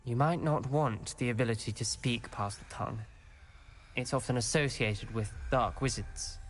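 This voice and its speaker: A man's voice: mid-range voice, soft background music, close to an everyday voice. Ominis, a man voicing a wary young wizard. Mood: solemn. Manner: measured, formal and guarded. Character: reserved, wary young male wizard student. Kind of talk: video game dialogue.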